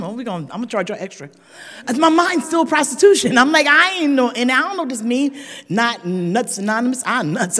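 Older lady telling her story to a meeting, laughing a lot, big echoey hall. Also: a little high. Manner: lively storyteller, laughs often, rises to shouted emphasis. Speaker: speaker sharing a recovery story. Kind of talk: humorous testimony to a meeting.

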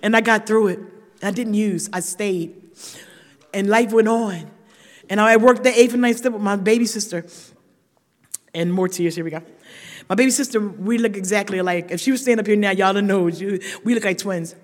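A woman's voice: mid-range voice, normal speed. Raw, emphatic woman in a reverberant hall. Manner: raw and emphatic, talks straight to the room. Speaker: speaker sharing a recovery story. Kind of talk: recovery meeting share. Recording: long reverb of a large hall.

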